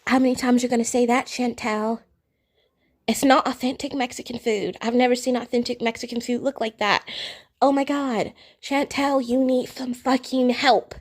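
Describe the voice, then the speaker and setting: A woman with a high voice reacts to a clip on camera. She swears freely and sounds fed up and scornful as she mocks what she is watching. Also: fairly even intonation, moderate pace. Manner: profane, exasperated, mocking. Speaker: reaction video host. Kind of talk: reaction commentary.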